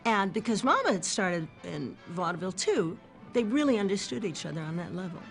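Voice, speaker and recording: Woman, animated pitch, fond and enthusiastic, strong music bed behind. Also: brisk, vocal fry. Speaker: documentary interviewee. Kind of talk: documentary interview recollection.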